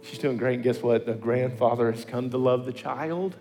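A man preaching a sermon and telling stories, acting out the people he quotes with sudden high-pitched voices. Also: moderate pace, in a large hall, faint music behind. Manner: animated storyteller, acting out quotes in pitch leaps. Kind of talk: sermon with storytelling.

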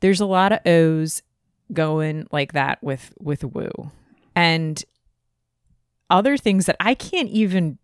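A woman's voice: fairly low pitch, lively intonation, slow, smooth, no echo, studio quality. A woman co-hosting a podcast in casual chat, talking with frequent restarts and laughs. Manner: chatty, laughing, many restarts. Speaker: podcast co-host.

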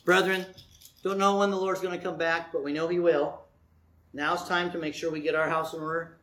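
A male preacher delivers a sermon to his congregation. His voice sits a little high for a man, and he speaks in a folksy style with a repeating, rhythmic cadence. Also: flat delivery, fairly quick, fairly bright tone. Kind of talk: sermon with closing prayer.

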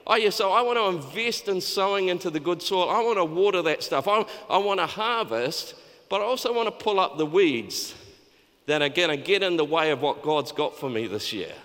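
A man with a high, bright voice preaches a casual, conversational sermon, often stumbling and restarting his sentences. He sounds lively and sharp, and his words echo with a long reverb through a church hall. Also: normal speed. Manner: conversational, with many restarts and acted-out quotes. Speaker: pastor.

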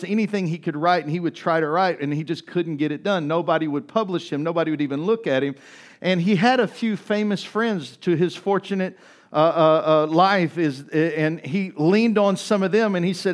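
A male pastor preaching a sermon in a conversational, repetitive style, calling for responses from the congregation. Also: on the high side.

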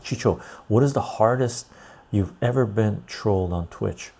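A man's voice: on the low side, measured pace, creaky, warm tone, slightly rough. A man hosting a casual livestream, reading chat aloud and rambling loosely. He sounds tired and laughs easily.

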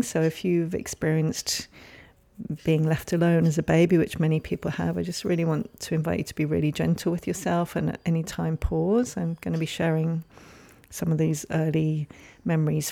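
A woman hosting a solo podcast, speaking in a gentle, caring and reflective way. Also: deep voice, vocal fry. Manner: gentle, soft-spoken, caring. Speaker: podcast host.

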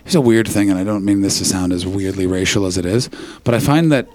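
A man's voice: low voice, quick pace, a little mellow, dry recording. A man from Canada doing profane, teasing crowd work as a stand-up comedian on a club stage. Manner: crude, teasing, profane banter.

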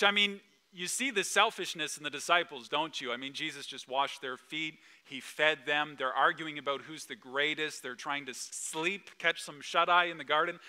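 A man preaching a sermon, retelling a Bible story with acted-out quotes and hushed, solemn pauses. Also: a little high. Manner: storytelling, acts out quoted lines, drops to a hush at solemn moments. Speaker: pastor.

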